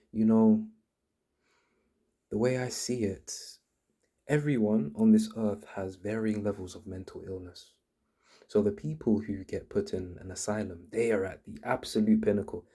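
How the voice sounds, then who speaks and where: A man with a low, slightly husky voice hosts his channel in a casual monologue. He explains earnestly, often stumbling and restarting his sentences as he goes. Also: dark tone. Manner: earnest, frequent restarts and repeated words. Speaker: channel host.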